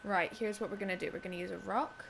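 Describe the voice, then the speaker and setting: A woman streamer giving casual gameplay commentary, excitable and foul-mouthed, yelling at enemies on screen. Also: medium pitch, fast, vocal fry, noisy background. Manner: excitable, swears a lot, yells at enemies. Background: game music.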